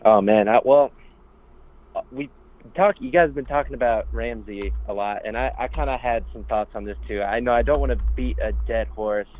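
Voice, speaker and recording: A man's voice: mid-range voice, moderate pace. A male caller chatting in an easygoing way on a live sports show. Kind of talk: casual call-in chat. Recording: tinny phone line.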